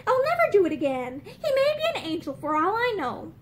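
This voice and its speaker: A young woman voicing an outspoken, quick-tempered young woman who speaks emphatically and frankly. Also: extremely high pitch, big pitch swings, a little hiss or hum, pitched above the performer's own voice. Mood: remorseful.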